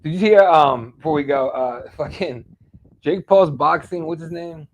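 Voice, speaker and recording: A man's voice: a little high, moderate pace. A man co-hosting a casual podcast chat, laid-back and slangy, swearing casually. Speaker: podcast co-host.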